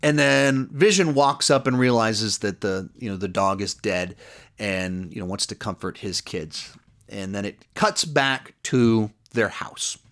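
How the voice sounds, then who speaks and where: A man's voice: lowish voice, measured pace, fairly bright tone. A man giving a casual spoken review of a TV episode, rambling through the plot with lots of "like" and "you know" and acting out the characters' lines. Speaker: TV series reviewer.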